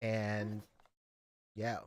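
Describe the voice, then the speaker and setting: A man's voice: on the low side, monotone, extremely slow. A man co-hosting a podcast, giggly and playful in casual chat. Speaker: podcast co-host.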